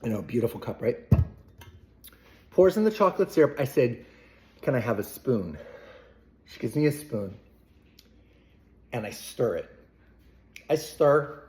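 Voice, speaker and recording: A man at an ordinary middle pitch tells a story straight to the camera. His delivery is casual and meandering. He keeps slipping in playful asides as he goes. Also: big pitch swings, unhurried, pauses often, dark tone. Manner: rambling, chatty anecdote-telling with playful asides. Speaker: vlogger.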